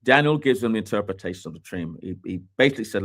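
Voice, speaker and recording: A man preaching on a podcast, emphatic, slowing down and repeating key words for weight. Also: lowish voice, sing-song. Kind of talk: sermon-style teaching.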